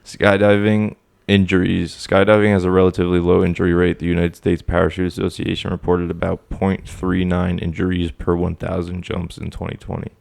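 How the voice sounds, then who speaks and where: Young man, very deep gravelly voice, halting reader in casual chat. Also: completely flat delivery, darkish tone. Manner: reads stats aloud haltingly. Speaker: podcast co-host.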